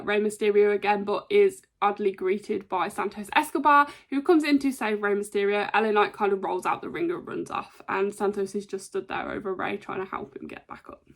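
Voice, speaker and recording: A woman casually recapping a wrestling show, chatty with lots of ums and quick impressions. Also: medium pitch, a bit bright. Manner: chatty, frequent ums, brief imitations of wrestlers.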